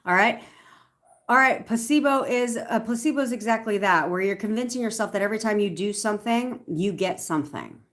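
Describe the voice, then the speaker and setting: A woman's voice: mid-range voice, lively intonation, brisk, a bit bright. A young woman coaching viewers in a casual livestream Q&A, chatty and upbeat, repeating affirmations. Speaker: manifestation coach.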